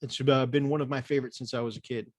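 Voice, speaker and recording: A man's voice: medium pitch, fairly even intonation, quick pace, dry recording. A man hosting a casual livestream chat, rambling and hesitant as he talks. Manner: rambling, many fillers and restarts. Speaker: host.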